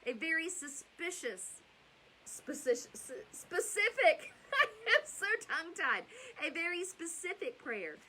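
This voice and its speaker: A woman's voice: very high voice, sing-song, unhurried, pushed and bright, a little hiss or hum, rough recording. A middle-aged woman hosting bedtime Bible stories, chatty and rambling, with asides and self-corrections. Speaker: storyteller and host.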